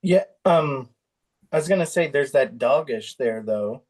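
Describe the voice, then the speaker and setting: A male student speaks up from his seat in class, at an average pitch. He stumbles and restarts as he hunts for the right term. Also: lively intonation, a little slow, a little mellow. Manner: hesitant, searching for words. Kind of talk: classroom question.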